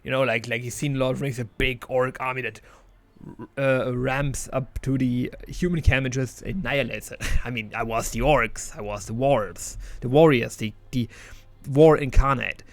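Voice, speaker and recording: A man's voice: mid-range voice, steady tone, moderate pace, dry recording. A man casually reviewing an old strategy game, chatty and enthusiastic with many restarts.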